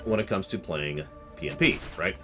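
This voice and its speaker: A man's voice: low voice, moderate pace, over loud music. A tired man with a sore throat, rambling through opinionated commentary and reading chat aloud during a live game stream.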